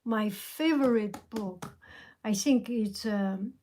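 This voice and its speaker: A middle-aged woman with a Chinese accent, softly whispering her answers to a live chat outdoors in a park. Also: mid-range voice, a little hiss or hum. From China. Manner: soft, slow, reflective, answers viewer questions. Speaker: livestream host answering chat.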